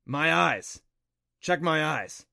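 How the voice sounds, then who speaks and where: A man voicing a loud, exuberant kelpie creature. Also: fairly high pitch, expressive, slow pace, gravelly, no echo, studio quality, voice pushed up, exaggerated voice. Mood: tired. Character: weary then boisterous male kelpie water-horse companion.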